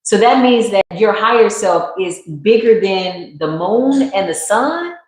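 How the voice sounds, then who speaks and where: A woman reads tarot live and talks in an emphatic, slangy, preacherly way. Her voice sits at a middle pitch. It rings through a very echoey room. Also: animated, measured pace, a little mellow. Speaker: tarot reader. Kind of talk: live spiritual tarot reading.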